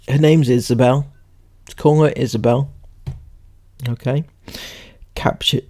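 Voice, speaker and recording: A man's voice: medium pitch, steady tone, takes it slowly, long pauses, warm tone. A young man giving sarcastic, mocking commentary as he reacts to a social media post. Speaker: commentary YouTuber.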